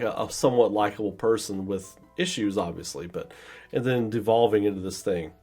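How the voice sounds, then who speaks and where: A man's voice: on the low side, darkish tone. A man giving a casual, rambling film review, full of "you know" fillers and acting out scenes in quoted voices. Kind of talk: casual spoken movie review.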